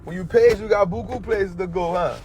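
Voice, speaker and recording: A man's voice: sits high, brisk, a little mellow, muffled recording, a little hiss or hum. A man with an Atlanta Black American English accent, giving a preachy finance talk on a livestream in street slang, repeating his points. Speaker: finance educator.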